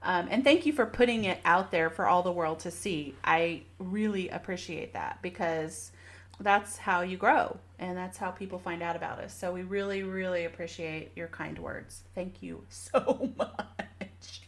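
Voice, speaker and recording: A woman's voice: on the low side, moderate pace. A woman co-hosting a casual podcast, playful and teasing, laughing easily and reading listener reviews aloud. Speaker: podcast co-host.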